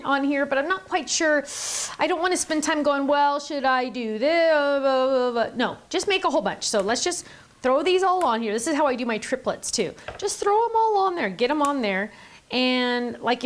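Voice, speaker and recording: A middle-aged woman hosting a card-making tutorial, chatty and enthusiastic, gushing over her supplies. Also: high-pitched. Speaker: craft video host.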